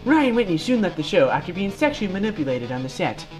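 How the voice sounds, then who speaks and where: A young man narrating a mock documentary in a deadpan, mock-serious way, with guitar music behind. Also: high-pitched, fast talker.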